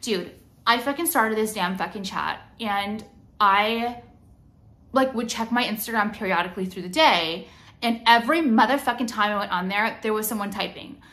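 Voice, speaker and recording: A woman's voice: a little high, a bit bright. A young woman vlogging to camera, ranting heatedly with lots of swearing and filler words. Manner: profane, heated ranting with frequent "like". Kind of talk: casual rant to camera.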